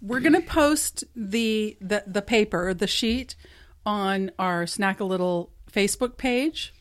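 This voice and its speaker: A woman's voice: mid-range voice, takes it slowly. A woman co-hosting a podcast, chatting casually and matter-of-factly while eating. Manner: relaxed, matter-of-fact, talks with mouth full. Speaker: podcast co-host. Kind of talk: casual chat while snacking.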